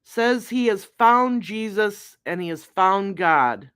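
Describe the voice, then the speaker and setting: A woman's voice: mid-range voice, lively intonation, takes it slowly, fairly bright tone, clean tone. A woman hosting a live-stream recap of a trial, chatting unhurriedly with her viewers. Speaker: true crime livestream host.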